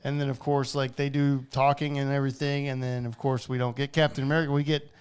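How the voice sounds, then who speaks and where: A man co-hosting a casual podcast, excitedly recapping a movie with swearing and quoted lines. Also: medium pitch, fast talker, smooth. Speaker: podcast co-host. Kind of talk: casual chat.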